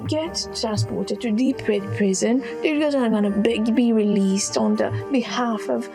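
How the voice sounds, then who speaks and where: A woman's voice: on the high side, measured pace, vocal fry, music in the background. A woman playing a scheming queen. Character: proud queen, a mother scheming for her sons.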